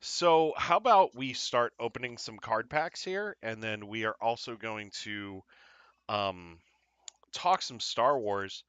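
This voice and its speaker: A man hosting a casual live show, chatting in an upbeat, rambling way with lots of fillers and quick apologies. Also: mid-range voice, lively intonation, a bit bright, smooth, no echo. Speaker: podcast host. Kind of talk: casual live-stream chat.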